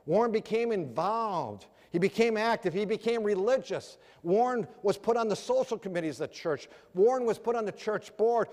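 A man's voice: sits high, a little mellow. A man preaching a sermon earnestly, asking the audience rhetorical questions. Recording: echoey hall reverb.

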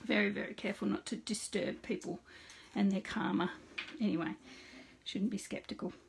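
A woman's voice: medium pitch, steady tone, moderate pace, gravelly, slight background noise. A middle-aged woman hosting a casual live card-making demonstration. She chats with viewers by name and narrates each step aloud.

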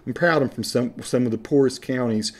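A man's voice: medium pitch, a little fast. A man from western North Carolina with an Appalachian accent, talking to camera in a passionate, rambling, folksy monologue. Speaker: vlogger.

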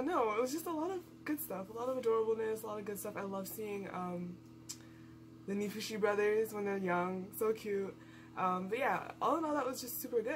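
A woman's voice: medium pitch, a bit bright, a little hiss or hum. A young woman chatting casually in an anime reaction video, gushing and filling her talk with likes and ums. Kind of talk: casual reaction and review chat.

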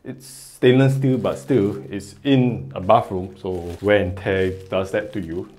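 A man's voice: on the low side, steady tone, unhurried, a little mellow. A man with a Singaporean English accent, casually vlogging at home, giggly and rambling. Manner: giggly, rambling, self-mocking. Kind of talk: casual haul vlog. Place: home, then a small bathroom.

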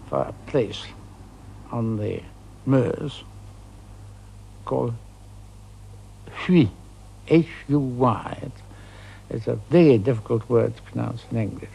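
An older man, a veteran being interviewed, telling an anecdote in a hesitant way with many pauses and fillers. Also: medium pitch, vocal fry, darkish tone, a little hiss or hum, poor audio. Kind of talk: archival interview recollection.

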